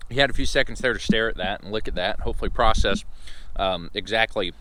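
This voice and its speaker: A man's voice: fairly low pitch, fast, noisy background. A man who drives his own truck, talking casually and rambling a bit in a vlog from in and around his parked semi. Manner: rambling, loose and chatty. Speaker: owner-operator truck driver.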